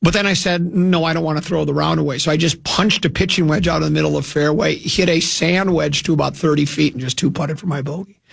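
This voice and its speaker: A man with a high, gravelly voice rambles through a self-mocking story on his sports radio show. His tone is husky and worn around the edges, and soft music plays faintly beneath the studio mic. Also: fairly even intonation, fairly quick, few pauses. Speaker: radio sports talk host. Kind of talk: casual radio chat. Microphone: studio microphone.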